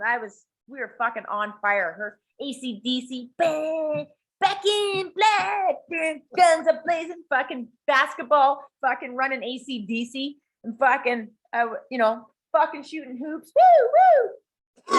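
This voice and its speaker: A woman talking in a blunt, animated way, swearing freely as she leads a small group. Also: high voice. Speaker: coach and workshop leader. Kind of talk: casual talk to a small group.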